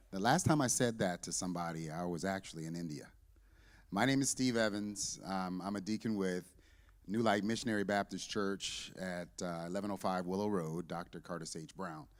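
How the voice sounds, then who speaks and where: A church deacon in his fifties, also a visiting parent, gives a humorous testimony to a congregation in the sanctuary, acting out the dialogue in his story as a lively, joking storyteller. His voice is low, at a moderate pace, with a long reverb tail.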